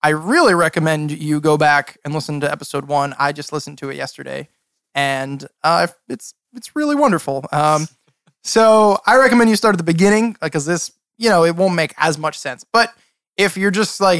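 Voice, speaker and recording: A man's voice: on the high side, expressive, a bit bright, clear, resonant tone, dry recording, studio quality. A man narrating a tabletop game as game master in a casual, rambling way. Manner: casual, rambling, quick to laugh.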